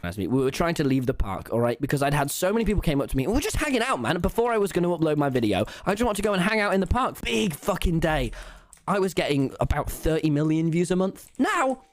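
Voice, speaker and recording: A teenage boy telling an animated, rambling story to an audience, swearing freely and restarting his sentences. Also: fairly high pitch, fast, dry recording. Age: teens. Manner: excitable, rambling, swears a lot, frequent restarts. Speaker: streamer.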